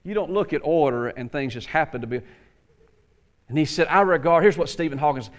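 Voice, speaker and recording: A man's voice: fairly high pitch, expressive, brisk. A man preaching a sermon in a folksy, repetitive way that builds to emphatic peaks. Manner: folksy, repeats words, builds to emphatic crescendos. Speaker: pastor.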